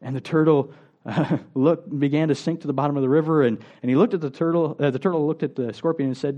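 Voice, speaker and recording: Male pastor, conversational sermon, mellow tone, slightly lo-fi recording. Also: on the high side, steady tone, fast. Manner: conversational, asks the congregation rhetorical questions.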